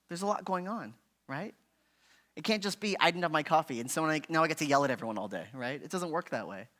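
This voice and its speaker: A man with a slightly high voice leads a parenting workshop in a relaxed, conversational way. He keeps checking in with his listeners by asking "right?" and now and then acts out a frustrated parent. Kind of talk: parent education talk. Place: church hall.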